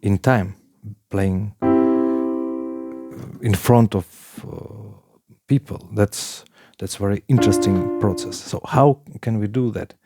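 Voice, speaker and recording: A man teaching a piano lesson in plain talk, with halting phrasing, counting beats aloud while he plays. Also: on the low side. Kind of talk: casual piano tutorial. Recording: piano playing loudly alongside.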